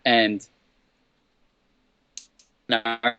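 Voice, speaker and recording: A man's voice: very slow, clear, resonant tone, dry recording. Man telling a story, acting out quotes. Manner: animated, acts out quoted exchanges in a higher voice; laughs often, repeats "what the hell". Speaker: guest, comedy writer. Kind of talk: casual interview storytelling. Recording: dull, slightly lo-fi sound.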